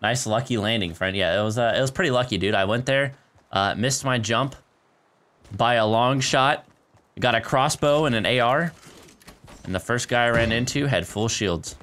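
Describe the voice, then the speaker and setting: With a mid-range, slightly bright voice at a moderate pace, a man casually narrates his live shooter gameplay for viewers. He laughs often, calls them "dude" and "guys," and uses a desk microphone positioned near his keyboard at home.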